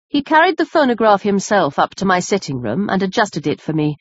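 A woman narrating a classic novel as an audiobook reader in a steady storytelling manner. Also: medium pitch, brisk, few pauses, no room sound. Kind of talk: scripted narration. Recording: dry, slightly muffled lo-fi recording.

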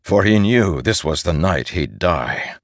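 A man giving measured, steady scripted narration as an audiobook narrator. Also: sits low, no echo. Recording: dry close studio sound.

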